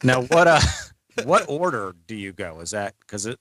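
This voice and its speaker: A man's voice: medium pitch, big pitch swings, normal speed, fairly bright tone, no room sound. A man, co-hosting a casual podcast, rambling and asking lots of questions. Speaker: co-host.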